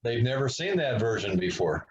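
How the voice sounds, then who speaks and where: A man joins a casual podcast chat over a video call, so his audio sounds muffled and dull. He speaks at a mid pitch, relaxed and matter-of-fact as he tells his side of the stories. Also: normal speed. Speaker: podcast co-host.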